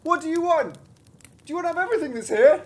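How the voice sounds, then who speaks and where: A pint-sized, cheeky boy yelling at the top of his lungs in a high, squeaky voice. He is bold and mischievous, his voice jumping wildly up and down. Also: lively intonation, fast talker. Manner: shrill squeaky shouting.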